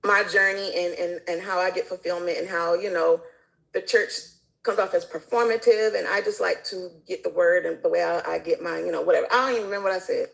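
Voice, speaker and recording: A woman's voice: lowish voice, steady tone, fast talker, creaky, poor audio. A woman guest in casual conversation, telling stories animatedly and acting out the people she quotes. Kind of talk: casual chat.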